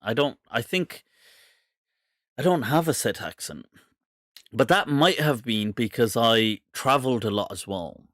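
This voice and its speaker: A British man hosts a live question-and-answer stream in a loose, rambling way, breaking into laughter again and again. His voice sits at a middle pitch. His accent is hard to place, and the sound is dry, with no room echo. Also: animated, unhurried, long pauses, fairly bright tone. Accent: mixed British English, hard to place. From England. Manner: chatty, laughs often, rambling asides. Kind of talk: casual live Q&A chat.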